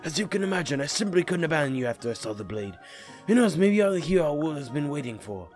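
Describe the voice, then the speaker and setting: A man voicing a stern older village chief who speaks gravely, over game music. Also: on the high side, big pitch swings, a little mellow. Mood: solemn. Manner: grave, measured.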